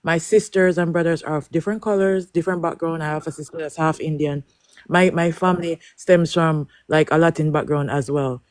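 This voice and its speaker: A woman's voice: low voice, steady tone, a little fast, darkish tone, no room sound. Woman, panelist, emotional, heartfelt, dry sound. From Jamaica. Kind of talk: live panel discussion.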